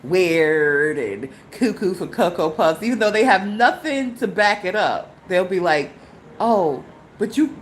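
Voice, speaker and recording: Middle-aged woman, podcast host, animated storyteller, mocks in low tones, rises high in indignation, faint background hiss. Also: unhurried, low-quality recording. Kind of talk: solo live podcast monologue.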